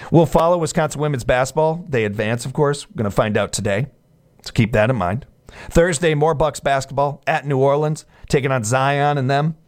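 A Midwestern man hosting sports talk radio, mid-pitched and easygoing. He chats with listeners in a loose, joking way, often restarting his sentences. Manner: chatty, jokey asides, frequent restarts.

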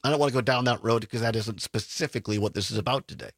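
A man's voice: medium pitch, rapid-fire, no room sound. A man, hosting a political talk radio show in a studio, chatty and sarcastic as he tells stories. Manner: chatty, sarcastic, animated storytelling.

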